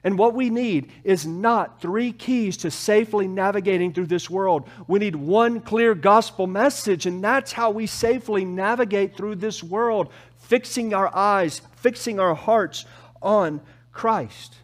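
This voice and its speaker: A man preaching a sermon as pastor, with emphatic rises and soft, slow, drawn-out drops. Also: high-pitched. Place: church.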